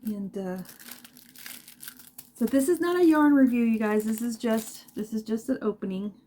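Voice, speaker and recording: A woman's voice: fairly high pitch, normal speed, warm tone, a little hiss or hum. A woman crochet vlogger chatting casually as she unboxes yarn at home, gushing and talking straight to her viewers. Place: home craft room.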